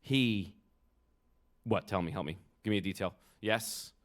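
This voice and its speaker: A man's voice: on the low side, measured pace. A man reading a picture book aloud to children at a live event, playful and asking the kids for details.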